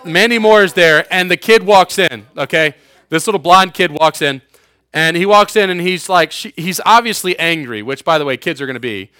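Animated joking young male preacher. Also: high-pitched, normal speed, no echo. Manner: animated, joking, sarcastic, acts out quotes. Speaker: youth pastor. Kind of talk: sermon.

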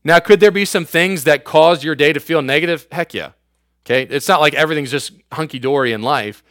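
A man's voice: a little high, fairly quick, a bit bright, no echo, studio quality. A man in his thirties preaching a youth sermon as youth pastor, casual and slangy, with everyday asides to his listeners.

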